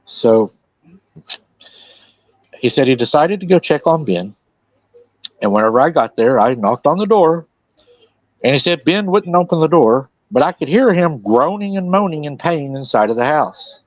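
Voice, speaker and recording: A man hosting a live stream in a relaxed way, retelling a witness's account and quoting his words. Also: on the high side, normal speed, pauses often, dry recording, dull audio. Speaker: host.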